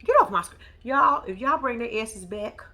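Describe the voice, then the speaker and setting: A woman's voice: on the high side, normal speed, noisy background. A woman giving blunt, profane casual commentary on a reality TV show, talking straight to her viewers and laughing often. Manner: animated, talks straight to viewers. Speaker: reality TV recap vlogger.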